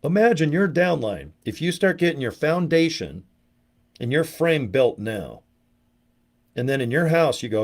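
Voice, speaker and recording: A man giving a rambling, brash and profane motivational sales pitch, breaking into mocking voices as he goes. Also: big pitch swings, normal speed. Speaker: network marketing promoter.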